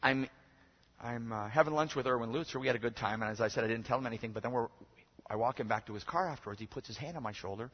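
A man preaching a sermon as pastor, moving between loud, emphatic exhortation and quiet, conversational storytelling. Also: mid-range voice, quick pace, husky. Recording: dull lo-fi sermon recording.

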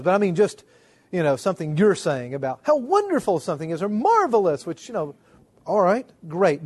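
A middle-aged man lectures a class on writing, with a voice pitched a little high. He sounds wry and self-deprecating and now and then mimics the people he quotes. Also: darkish tone. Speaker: writing instructor.

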